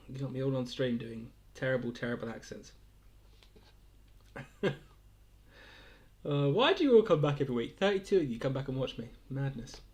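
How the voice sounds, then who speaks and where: A man's voice: mid-range voice, lively intonation, moderate pace, long pauses, darkish tone. A young man casually hosting a weekly livestream quiz, rambling between questions and chuckling often. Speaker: quiz host.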